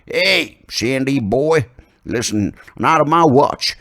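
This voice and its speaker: A man voicing a swaggering older male president, drawling slowly and loudly. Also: mid-range voice, animated, creaky, voice pushed up, exaggerated voice.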